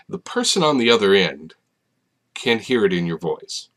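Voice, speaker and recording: A man's voice: fairly low pitch, very animated, normal speed, fairly bright tone. A man hosting his own channel, talking to camera in a casual late-night ramble, hesitant and full of fillers and restarts. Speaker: video channel host. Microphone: facing a camera.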